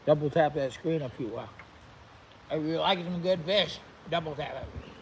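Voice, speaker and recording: A man's voice: on the high side, normal speed, vocal fry, slight background noise, poor audio. A man hosting a vlog, chatting upbeat and straight to viewers while eating and cooking. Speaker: vlog host. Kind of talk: casual chat to camera.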